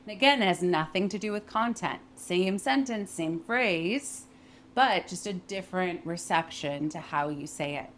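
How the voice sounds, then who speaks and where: Woman coaching on voice, slightly low pitch. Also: expressive, normal speed, fairly bright tone, slight background noise. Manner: clear and emphatic, demonstrating pitch and phrasing. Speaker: voice and communication coach. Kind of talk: instructional talk with spoken demonstrations.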